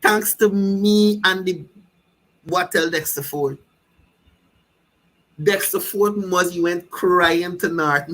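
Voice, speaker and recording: A man's voice: high-pitched, slow, pauses often, a bit bright, poor audio. A man with a Guyanese accent giving fiery, mocking political commentary. He keeps repeating himself and asking the listener if they understand.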